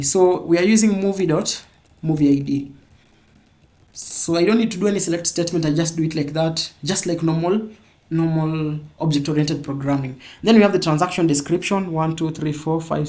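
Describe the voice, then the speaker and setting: A man's voice: fairly high pitch, darkish tone. A man teaching a live programming class, repeating points and checking in with "yeah?". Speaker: programming instructor.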